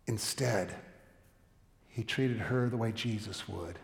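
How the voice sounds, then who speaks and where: A male pastor delivers a sermon with a story, his gravelly voice swinging from loud emphasis to hushed whispers. His pitch sits in an ordinary middle range. A large, echoey sanctuary gives each phrase a long reverb tail. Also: slow pace, long pauses.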